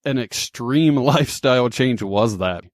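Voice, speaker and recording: A male podcast host with a mid-pitched voice, asking his guest questions in a relaxed, easygoing way. The sound is close and dry, with no room around it. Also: a little slow, no echo. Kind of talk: casual interview.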